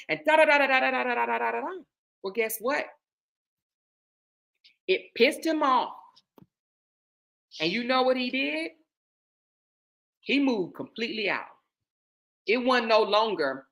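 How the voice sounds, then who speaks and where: A woman host, casually telling a personal story in a candid, emphatic way, moving between hushed asides and loud stresses. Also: a little high, lively intonation, measured pace, creaky, long pauses.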